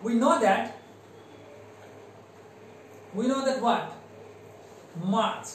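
A man with a Bangladeshi accent teaching English to primary pupils, slowly spelling words letter by letter and drilling their pronunciation. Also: very high voice, a bit bright, very echoey, recorded from a distance, a little hiss or hum, poor audio. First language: Bengali. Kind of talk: classroom lesson.

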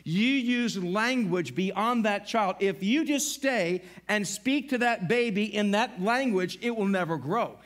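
A middle-aged man pastor preaching a sermon in a church, animated and acting out little voices as he talks. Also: high-pitched, measured pace, hardly any pauses. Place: church sanctuary.

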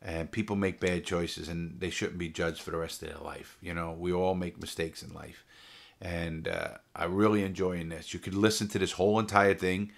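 A middle-aged man with a very low, gravelly voice tells stories straight to camera. He is blunt and swears freely, often breaking off and restarting his sentences. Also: little pitch movement, normal speed. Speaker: storyteller of his own past. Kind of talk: casual profane storytelling to camera.

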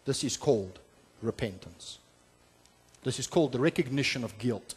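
A man preaching as a pastor, explaining scripture verse by verse, with frequent "uh" fillers and restarts, swinging between emphatic and soft, low delivery. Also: normal speed, long pauses, slightly rough, big-room sound. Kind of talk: sermon. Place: church sanctuary.

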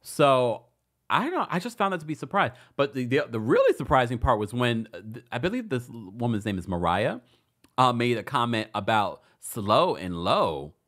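Speaking at medium pitch and a moderate pace, the male host of a celebrity gossip program delivers relaxed, lively commentary. He's talkative and throws shade in a teasing way.

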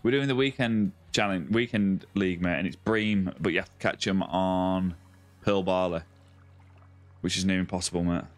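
A man's voice: sits low, steady tone, normal speed, faint music behind. A young man on a live game stream, chatting casually and greeting viewers by name as mate and buddy.

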